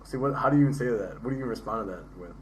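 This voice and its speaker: A man's voice: mid-range voice, very fast, slight background noise. A man, a comedian chatting casually on a podcast, goofy and jokey, breaking into laughs.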